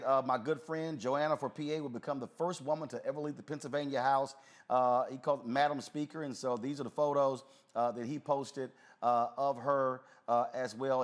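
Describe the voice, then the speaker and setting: A man hosting a live talk show, talking in an emphatic, conversational way with frequent filler sounds. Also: medium pitch.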